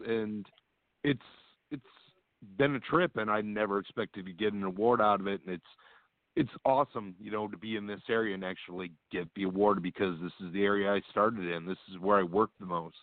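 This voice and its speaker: A man guesting on a wrestling radio show, talking haltingly with many fillers. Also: on the low side, steady tone, dry recording. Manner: halting, says "you know" and "uh" often. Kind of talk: casual radio interview. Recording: dry tinny phone line.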